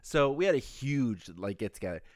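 A man chatting casually with friends, his pitch jumping around as he tells a story. He laughs a lot, and the sound is close and dry. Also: normal speed, no echo. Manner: animated storyteller, laughs often. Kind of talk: casual chat.

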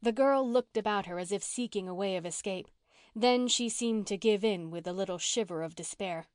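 A woman reads a classic novel aloud in an even, measured way, with her pitch sitting in a middle range. The recording is close and dry, with no room sound around her voice. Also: no room sound. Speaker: audiobook narrator. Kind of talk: scripted narration.

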